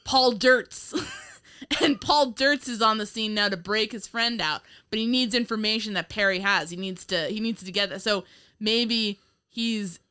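A woman's voice: mid-range voice, a little slow, pushed and bright, smooth. A woman co-hosting a casual chat about an old TV show, rambling and giggling often. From United States. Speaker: podcast co-host.

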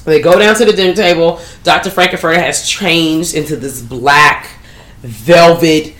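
Animated profane woman recapping a movie. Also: low voice, normal speed. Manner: animated, profane, slangy storytelling. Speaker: podcast host. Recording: roomy echo.

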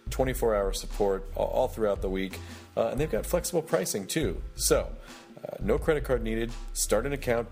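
A male podcast host rambles through a sponsor read and intro, joking and dropping fillers. His voice sits low. Soft music plays faintly underneath. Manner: rambling, jokey, full of fillers.

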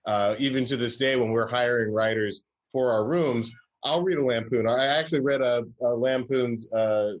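Man, from Georgia, comedy writer, casual interview guest, rambling, chatty, middle pitch. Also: moderate pace. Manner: rambling, chatty, many fillers and restarts.

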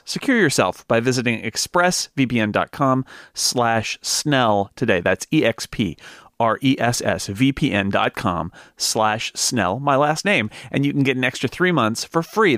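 This man's mid-range, fairly bright voice comes through clean studio sound without echo. Hosting a podcast, he moves between a read ad and a relaxed film discussion.

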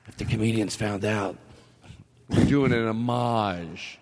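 A man's voice: fairly low pitch, moderate pace, no echo. A man hosting a comedy podcast in casual chat, rambling and laughing, with mock outbursts and swearing. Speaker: podcast host.

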